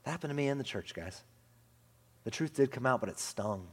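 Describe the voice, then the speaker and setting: A man preaching a sermon in a conversational way, often asking the crowd "right?" and swinging between hushed, slow passages and loud, lively ones. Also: mid-range voice, husky. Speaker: pastor. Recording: long hall reverb.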